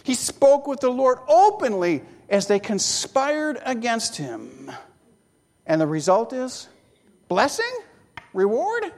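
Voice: medium pitch, sing-song, slow pace. A preacher delivering a sermon, telling a story with rhetorical questions and wry asides. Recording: long hall reverb.

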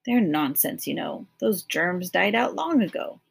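A woman voicing a brisk, self-assured man. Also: on the low side, lively intonation, creaky, breathy edge, full character voice. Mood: confident. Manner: confident, dismissive.

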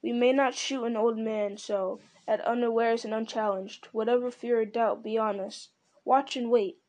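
A woman voicing a steady, watchful male ranger leader who speaks quietly and with measure. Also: on the high side, moderate pace, natural voice.

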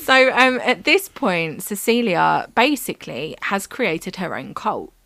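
A woman's voice: medium pitch, sing-song, a little slow, gravelly, sharp tone, no room sound. A woman co-hosting a true-crime podcast, telling the story in a casual, chatty way with lots of fillers. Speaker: podcast co-host.

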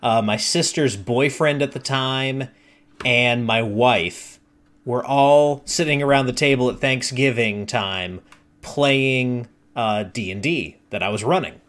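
A man hosting a casual chat, telling tabletop game stories in a deliberate, unhurried way. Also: medium pitch, a bit bright. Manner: slow, deliberate storytelling. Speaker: podcast host and game master.

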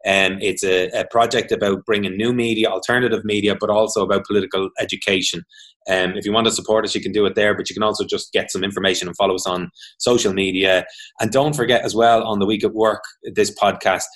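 A man, co-hosting a podcast, wrapping up the show in a halting way with many ums. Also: lowish voice, fairly even intonation, a bit bright. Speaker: podcast co-host. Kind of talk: podcast sign-off.

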